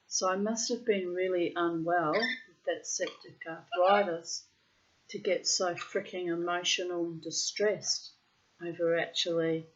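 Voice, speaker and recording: A middle-aged woman talks casually and bluntly, swearing freely as she reads her journal aloud. Her voice sits a little low. The recording sounds dull and lo-fi. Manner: frank and profane, breaks into loud laughter. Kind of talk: casual spoken monologue with diary readings.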